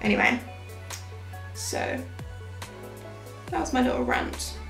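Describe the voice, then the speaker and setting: A young woman chatting through a makeup tutorial, rambling and losing her train of thought. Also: takes it slowly. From Britain. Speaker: beauty vlogger. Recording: echoey room with faint music.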